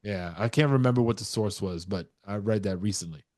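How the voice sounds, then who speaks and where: Fairly low-pitched and a little mellow, this New Yorker talks a bit fast as co-host of a dads' podcast. In casual conversation, he tells lively stories and swears freely.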